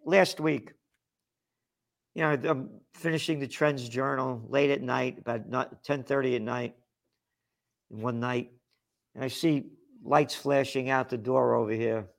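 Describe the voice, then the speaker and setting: A man's voice: medium pitch, steady tone, unhurried, gravelly, pauses often. A man hosting a political talk show, rambling and indignant, with many restarts and fillers. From United States. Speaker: host.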